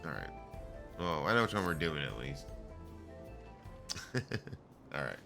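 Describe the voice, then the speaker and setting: A man's voice: a bass voice, sing-song, measured pace, creaky. A middle-aged man streaming a video game, reading its dialogue aloud and making joking, self-mocking asides. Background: faint game music.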